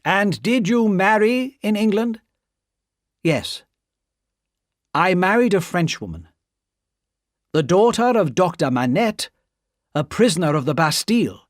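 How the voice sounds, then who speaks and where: A man's voice: high voice, animated, unhurried, pauses often, no room sound, clean studio sound, voice pushed up. A man voicing a dignified young nobleman who explains himself earnestly.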